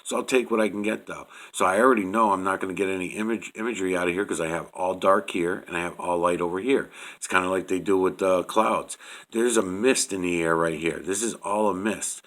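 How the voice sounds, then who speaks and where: Deep-voiced rambling man. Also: a bit bright. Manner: rambling, swears freely, halting with fillers. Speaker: video creator. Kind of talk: casual on-screen image commentary.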